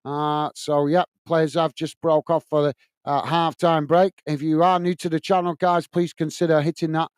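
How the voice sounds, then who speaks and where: A fairly high, smooth and clean-toned man hosts a live football watch-along. He chats casually, reading viewer comments aloud and answering them with lots of filler sounds. The sound is close and dry. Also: level tone, normal speed, no room sound. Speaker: host.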